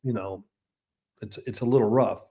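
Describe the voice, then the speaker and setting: A man's voice: fairly low pitch, moderate pace, gravelly, warm tone, breathy edge. A man in his sixties, a football analyst guest, telling chatty, rambling anecdotes with restarts and chuckles in a casual interview.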